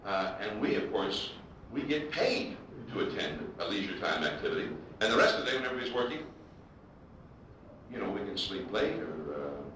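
A man tells baseball anecdotes to a live audience, and his pitch rises and falls a lot. He is picked up from a distance in a very echoey hall. A steady hiss and the audience's laughter sit behind him. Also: fairly quick. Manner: animated anecdotes, acting out quotes. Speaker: baseball broadcaster. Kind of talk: storytelling speech to an audience.

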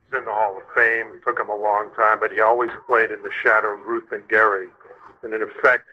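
Low-voiced male interviewer. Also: little pitch movement, brisk, slightly rough. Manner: brief prompts and questions. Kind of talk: interview questions. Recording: dull lo-fi recording with faint noise.

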